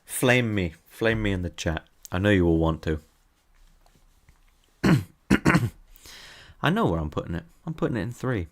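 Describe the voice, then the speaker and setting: Deep-voiced man bantering with his chat. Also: expressive, measured pace, pauses often. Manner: playful, teasing, banters with chat. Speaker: streamer ranking with chat. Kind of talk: casual live-stream chat. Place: at his desk.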